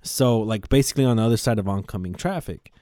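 Male podcast host, low mellow voice, profane rambling storyteller. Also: fast, no room sound, studio quality. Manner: rambling, profane, animated retelling.

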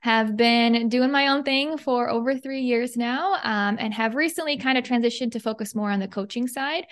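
A woman coach appears as a podcast guest with a slightly high voice. She talks in a friendly, eager, conversational manner. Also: moderate pace. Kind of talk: casual podcast interview.

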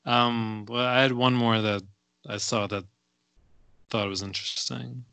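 A man's voice: medium pitch, steady tone, measured pace, sharp tone, clear, resonant tone, dry recording. A man co-hosting a podcast, laid-back, laughing often and reading silly limericks. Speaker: podcast co-host. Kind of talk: casual chat.

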